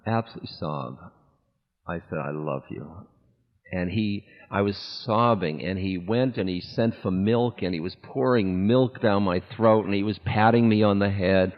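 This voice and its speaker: Male spiritual teacher, candid storytelling talk with laughter; tinny lo-fi recording, long hall echo. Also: on the low side. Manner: candid, unhurried, breaks into laughter.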